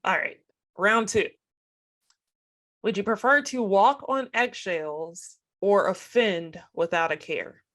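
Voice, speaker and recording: A woman co-hosting a podcast in casual chat, reflective and gently self-deprecating. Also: medium pitch, takes it slowly. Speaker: podcast co-host.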